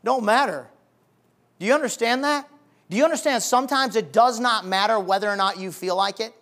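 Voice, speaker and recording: Male pastor, folksy plain-spoken sermon, swings from hushed to fiery. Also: sits high, fairly quick. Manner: folksy preaching that swells from quiet talk to loud, emphatic fervor; colloquial, plain-spoken phrasing.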